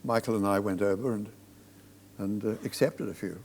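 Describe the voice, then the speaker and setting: A man's voice: lowish voice, normal speed, a little mellow, big-room sound. An older man, a stage director, telling reflective anecdotes as a guest in a live conversation on a theatre stage. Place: theatre platform before an audience.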